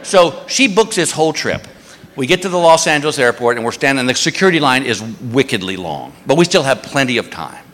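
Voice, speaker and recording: A middle-aged man doing stand-up, telling a story in an exasperated, animated way. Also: mid-range voice, brisk. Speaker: stand-up comedian. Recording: hall reverb, faint noise.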